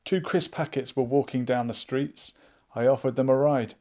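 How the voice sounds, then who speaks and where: A man hosting a live online chat show, musing out loud and reading viewers' comments aloud in a casual, thinking-aloud way. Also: medium pitch, fairly even intonation, normal speed. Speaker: livestream chat host.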